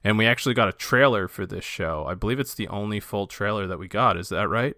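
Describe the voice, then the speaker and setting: A man's voice: fairly low pitch, fast, pushed and bright, dry recording. A man co-hosting a casual fan podcast, enthusiastic and loose, with lots of fillers and restarts. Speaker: podcast co-host.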